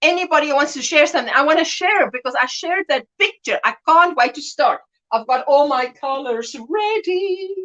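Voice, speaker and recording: A woman's voice: high-pitched, expressive, moderate pace, hardly any pauses, fairly bright tone, lo-fi sound. A middle-aged woman hosting a casual livestream, chatting in a rambling way, laughing often, greeting viewers and acting out little scenes. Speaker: livestream host.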